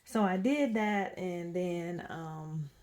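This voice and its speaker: A woman's voice: fairly low pitch, slow, a little mellow. A woman telling a rambling story in a casual home vlog, full of fillers and restarts while she changes a doll. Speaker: reborn doll artist.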